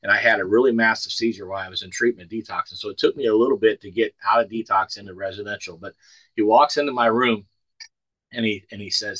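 A man in his sixties from the Ozarks, sharing his story at a recovery meeting over a video call. His voice sits a bit low and sounds bright and forceful. The sound is dry and close, and he spins his tale in a folksy, plainspoken way with dry humor. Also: fairly even intonation, fast talker, dry recording, lo-fi sound. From Ozark Mountains, United States. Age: 60s. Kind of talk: personal testimony at a recovery meeting.

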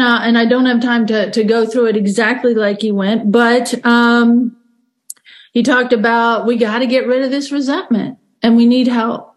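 Earnest halting woman sharing her story. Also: a little high. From United States. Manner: earnest, halting, many restarts and fillers. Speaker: recovery speaker. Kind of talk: personal recovery share.

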